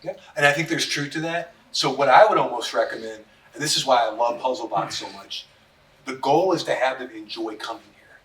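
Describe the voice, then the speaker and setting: A man's voice: mid-range voice, fairly quick, a bit bright. A man on the therapy team giving easygoing, encouraging advice to a parent. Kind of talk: casual advice in a discussion. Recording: echoey room, mic at a distance.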